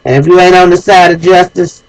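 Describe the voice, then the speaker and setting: Gravelly-voiced woman preaching to viewers. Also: lowish voice, fairly even intonation, fairly quick, darkish tone, rough recording. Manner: preachy, emotional, addresses viewers directly. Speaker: host. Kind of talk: impassioned spoken monologue.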